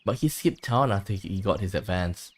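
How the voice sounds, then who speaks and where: Game dialogue, man reading grieving mother, bitter, possessive, lashing out, lowish voice. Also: expressive, moderate pace. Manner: resentful, lashing out in grief.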